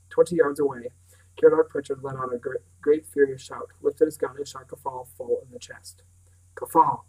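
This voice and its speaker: A man's voice: mid-range voice, darkish tone, slightly rough, low-quality recording. A man reading a novel aloud as narrator, now and then stumbling and restarting words. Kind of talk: audiobook reading.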